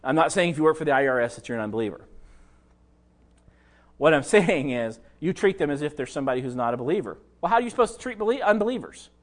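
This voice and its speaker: A man's voice: a little high, very animated, quick pace. A pastor preaching a sermon, talking conversationally and addressing his listeners directly.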